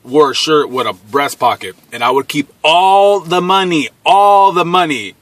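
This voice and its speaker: Man in his thirties for a casual, swearing storytelling monologue; lively delivery, dry close sound. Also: a little high, unhurried, no echo. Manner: animated, blunt, laughs while telling. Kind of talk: casual profane storytelling to camera.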